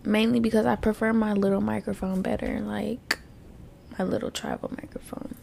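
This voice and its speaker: A woman's voice: medium pitch, level tone, moderate pace, creaky, darkish tone, slight background noise. A woman hosting a casual solo podcast. She is teary after crying and vents in a frank, profane, frustrated way with lots of fillers. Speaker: podcast host. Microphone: podcast microphone.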